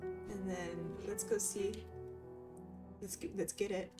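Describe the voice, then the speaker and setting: A woman's voice: medium pitch, level tone, slow, distant mic. A woman chatting casually and giggling with her viewers while she streams a video game. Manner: giggly, chatty, reacts to chat. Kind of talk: casual gaming stream chat. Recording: voice a bit off-mic over game music. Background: game music.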